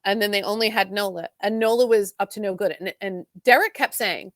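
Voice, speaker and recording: Fast-talking woman gushing over a soap. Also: mid-range voice, no echo, clean studio sound. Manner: fast, animated retelling with many "like"s. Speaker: podcast co-host. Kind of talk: casual chat recapping a soap opera.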